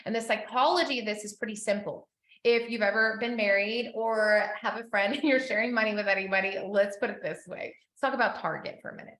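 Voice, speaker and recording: A woman coaching business owners in a live session, chatty and animated, acting out the people she quotes. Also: mid-range voice, fairly quick, echoey room.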